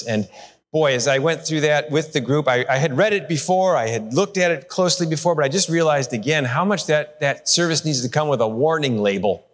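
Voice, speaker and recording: Pastor preaching in a reverberant church. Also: male voice, mid-range voice. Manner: conversational, with restarts and repeated words. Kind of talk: live sermon. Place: church sanctuary. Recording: long church hall reverb.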